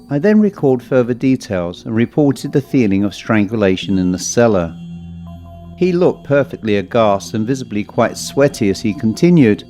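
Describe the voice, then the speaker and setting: A man narrating a ghost story in a measured, ominous storytelling manner. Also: fairly low pitch, lively intonation, warm tone, faint music behind.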